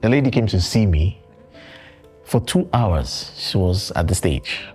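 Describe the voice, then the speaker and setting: A man from Nigeria on a discussion panel, telling an animated anecdote in casual chat. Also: measured pace, faint music behind. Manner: animated, jumps high when quoting.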